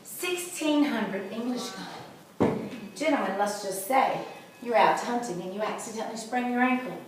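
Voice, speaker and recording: A woman's voice: fairly high pitch, normal speed, a little hiss or hum. A woman guiding visitors through a historic house, telling folksy stories with jokes. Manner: chatty, folksy storytelling with jokes. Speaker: tour guide. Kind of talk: guided house tour. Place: indoors in a large historic house. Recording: echoey room from far off.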